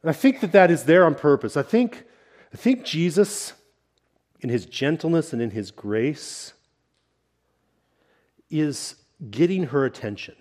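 A middle-aged senior pastor preaching a sermon in a conversational way, often checking in with "right?" and building to emphatic points. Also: male voice, on the high side, lively intonation, unhurried, pauses often, darkish tone.

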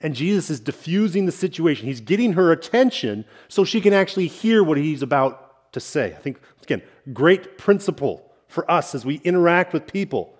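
A middle-aged senior pastor preaching a sermon in a conversational way, often checking in with "right?" and building to emphatic points. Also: male voice, fairly high pitch, very animated, normal speed.

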